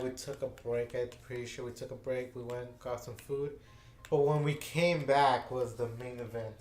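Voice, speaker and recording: A man's voice: medium pitch, darkish tone. A man casually telling a story to his channel's viewers, rambling, with lots of fillers and restarts. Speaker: gaming channel host. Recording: echoey room.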